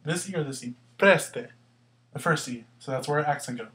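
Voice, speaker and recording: Higher-voiced man explaining grammar step by step. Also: fast, a bit bright. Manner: asks questions and answers them himself; carefully sounds out words to show stress. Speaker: Spanish teacher.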